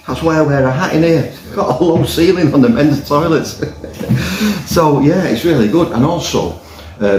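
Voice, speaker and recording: Chatty man, low voice, roomy pub. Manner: chatty, rambling, jokey storyteller. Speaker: pub and beer reviewer. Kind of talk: casual review with a joke. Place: indoors in a pub by the fire.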